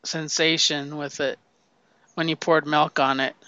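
Male co-host, casual banter, clear, slightly high voice, self-mocking. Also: flat delivery, a little slow, bright, forceful tone, dry recording, lo-fi sound. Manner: playful, self-mocking, laughs often. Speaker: podcast co-host. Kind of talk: casual chat.

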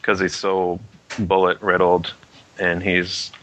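A man casually discussing a comic book issue, rambling and halting with many fillers. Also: low-pitched, little pitch movement, fairly bright tone, rough recording. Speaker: comic book podcast co-host.

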